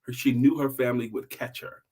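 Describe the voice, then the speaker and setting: An older man telling a children's story in an animated, playful way. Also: mid-range voice, fairly quick, slightly rough. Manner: animated, playful, shouts exclamations.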